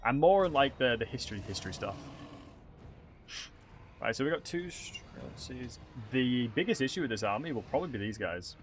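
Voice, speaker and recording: A man's voice: medium pitch, lively intonation, a little fast, slight background noise. A man, streaming a strategy game and chatting to viewers in a rambling way, full of fillers and restarts. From England. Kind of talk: casual gameplay commentary.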